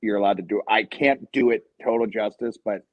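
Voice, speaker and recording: A man's voice: lowish voice, brisk, dry recording, highs cut off. A man in his thirties from Ohio, talking as a podcast guest in a rambling, profane, joking way. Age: 30s. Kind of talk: casual podcast chat.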